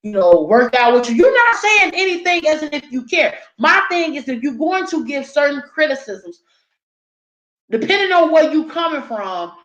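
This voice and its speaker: A woman's voice: high voice, very animated, normal speed, fairly bright tone. Blunt, opinionated woman in an echoey room. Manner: blunt, opinionated, swears freely. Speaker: vlogger. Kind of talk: casual talk while eating, reading chat.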